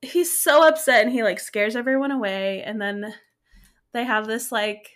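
A young adult woman co-hosting a podcast, recapping a sitcom in casual chat full of "like" and quick laughs. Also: medium pitch, fairly even intonation, a bit bright. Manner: chatty, lots of "like", quick laughs. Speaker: podcast co-host.

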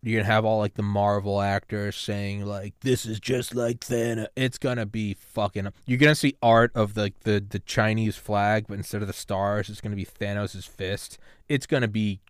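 A man's voice: lowish voice, flat delivery, moderate pace, few pauses, clean tone, no echo, clean studio sound. A man hosting a solo podcast, ranting sarcastically about politics with profanity and rambling asides. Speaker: podcast host.

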